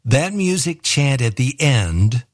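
A man's voice: medium pitch, very animated, slow pace, no room sound, clean studio sound. A man hosting a call-in radio show, reading listener messages and encouraging callers in a reflective way. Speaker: radio host. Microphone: studio microphone.

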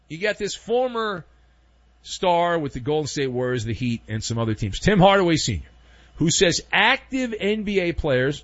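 A man hosting a sports talk show, giving opinionated commentary in a sarcastic, animated way. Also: a little high, no echo, highs cut off. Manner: sarcastic, animated, mock voices for anecdotes.

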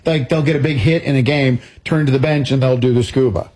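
A man's voice: medium pitch, steady tone, fairly quick, a little mellow, slightly rough. A man co-hosting a radio show, with dry jokes in casual banter. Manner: dry, joking. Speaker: radio co-host. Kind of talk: casual chat.

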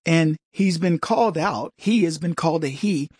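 A man's voice: on the high side, normal speed, a little mellow, slightly rough, no echo, clean studio sound. A man hosting a commentary show, talking in a rambling way and mimicking voices in his anecdotes. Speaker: show host. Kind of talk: opinionated commentary.

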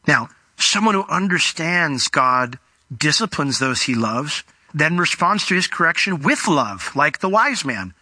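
A male pastor preaching a sermon, animated and emphatic, acting out exchanges with God before closing in prayer. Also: high-pitched, no echo.

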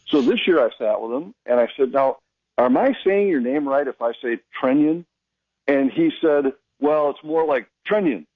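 A man's voice: mid-range voice, moderate pace, breathy edge, no echo, phone-quality sound. A man, a hockey announcer, telling stories in a casual radio chat and acting out the voices of the people he quotes. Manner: storytelling, animated quoting of others.

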